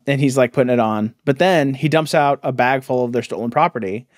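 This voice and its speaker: A man's voice: mid-range voice, fairly quick, dry recording. Guy cohosting a podcast, laughs a lot, mocking and disbelieving, dry close sound. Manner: laughs often, mocking and incredulous. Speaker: podcast co-host. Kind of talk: casual comic chat.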